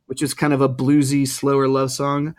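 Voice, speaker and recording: A man's voice: medium pitch, completely flat delivery, normal speed. A middle-aged man co-hosting a podcast, talking casually and hesitantly with lots of ums and restarts. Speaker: podcast co-host. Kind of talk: casual chat.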